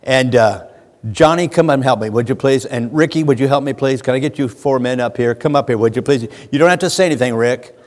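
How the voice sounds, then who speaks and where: A man preaching a lively sermon in a church, animated, shouting at times as he acts things out. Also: mid-range voice, a little fast. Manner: animated, shouts when acting out a fan. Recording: church hall with long reverb.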